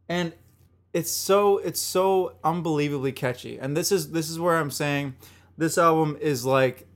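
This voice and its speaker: A male podcast host with a slightly higher voice, chatting casually about albums. He talks enthusiastically and rambles, restarting and repeating his phrases as he goes. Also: slow, long pauses.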